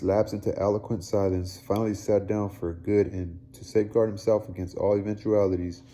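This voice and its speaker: Male reader, dark mellow tone, steady read-aloud narration with small restarts. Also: low voice. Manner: steady reading with occasional slips and restarts.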